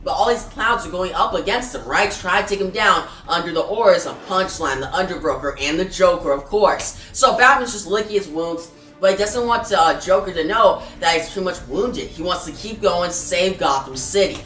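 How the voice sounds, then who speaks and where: A woman's voice: lowish voice, normal speed, a bit bright. A woman giving a casual, chatty comic book recap, often checking in with "right?". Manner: chatty, keeps asking "right?". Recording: echoey room, distant mic, faint music.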